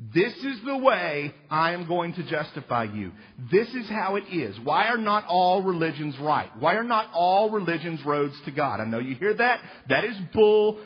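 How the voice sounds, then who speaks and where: A man preaching a sermon in an animated, joking, emphatic way, now and then acting out little voices. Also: sits high, husky. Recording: reverberant hall, dull lo-fi sound.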